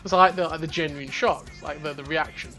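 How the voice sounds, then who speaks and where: Fast-talking, with a voice on the high side, this young man hosts a casual podcast chat over faint music. He rambles, curses a lot, and acts out his stories with energy.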